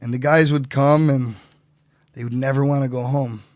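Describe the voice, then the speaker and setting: A man telling stories as a podcast guest in a casual, animated way, acting out what other people said. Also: medium pitch, normal speed, no room sound, clean studio sound. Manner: animated, acts out quotes in voices. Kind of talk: casual storytelling.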